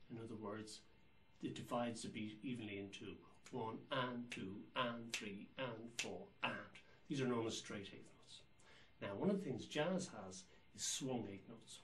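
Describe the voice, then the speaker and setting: A man's voice: mid-range voice, slight background noise, rough recording. Man counting and scatting jazz rhythms. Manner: counts beats and scats rhythms aloud. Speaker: drum teacher. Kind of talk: instructional explanation.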